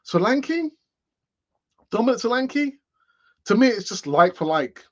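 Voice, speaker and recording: Man, late fifties, higher-pitched voice, rambling live-stream host, dull lo-fi sound. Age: late 50s. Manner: rambling, chatty, with frequent fillers and restarts. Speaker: football fan channel host. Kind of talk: live-stream chat commentary.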